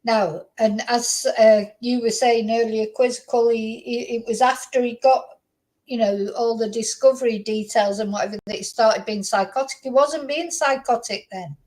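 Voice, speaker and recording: A woman hosting a true crime channel, talking casually and reacting in an animated, incredulous way, often repeating herself. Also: fairly high pitch, moderate pace, rough recording. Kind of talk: reacting to played clips, casual commentary.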